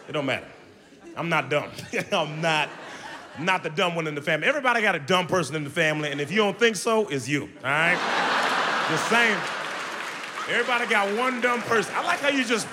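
A man doing an animated stand-up comedy routine with playful crowd work, loud and lively, recorded live on stage. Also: high voice, heavy background noise. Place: live show venue with audience. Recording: live stage mic, hall echo, crowd laughter.

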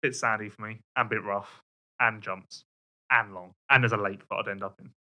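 A man's voice: on the low side, fairly even intonation, moderate pace, sharp tone. A man co-hosting a casual podcast, bantering in a dry, teasing way. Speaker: podcast co-host. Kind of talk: casual chat.

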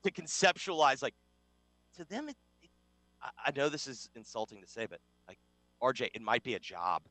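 A man's voice: mid-range voice, big pitch swings, a little fast, bright, forceful tone, no room sound. A man co-hosting a casual sports talk show, wry and sarcastic, rambling through his points. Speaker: sports radio co-host.

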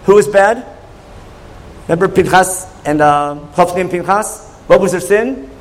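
A man's voice: high-pitched, normal speed, rough recording. A man teaching a Torah class in a conversational lecture, often asking his listeners questions. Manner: questioning, conversational, asks the audience.

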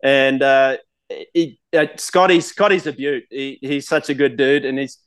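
A man's voice: mid-range voice, steady tone, unhurried, clear, resonant tone. A man in his forties with an Australian accent, telling candid, laughing stories as a guest on a casual podcast. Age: 40s. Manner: laughing, candid, swears freely. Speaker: guest, golf pro.

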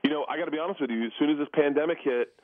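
A man in his forties, a comedian guest who laughs through his stories and puts on the voices of the people he quotes. His voice sits a bit high for a man. The line sounds dry and slightly dull, like a lo-fi remote hookup. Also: very fast, dry recording. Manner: animated storyteller who laughs often and acts out quoted voices. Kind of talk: casual interview chat.

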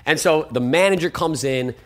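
A man who is a guest on a podcast, telling stories in an animated, joking, sometimes defensive way. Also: on the high side, normal speed. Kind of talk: casual podcast chat.

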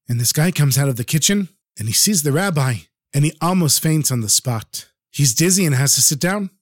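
A man telling a story in a lively, dramatic way. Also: fairly high pitch, fairly quick, no room sound, studio quality. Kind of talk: spoken story narration.

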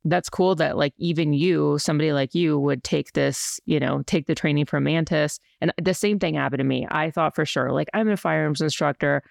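Chatty woman podcast host with vocal fry. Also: deep voice, moderate pace, few pauses, no echo, clean studio sound. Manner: chatty, laughs often, quotes herself in playful voices. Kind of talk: casual podcast chat.

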